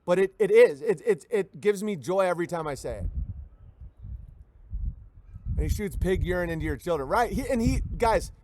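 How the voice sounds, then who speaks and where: A man hosting a livestream, reading viewer messages and riffing on them in an animated, rambling, mocking way. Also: high-pitched, moderate pace, long pauses, slight background noise. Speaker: livestream host.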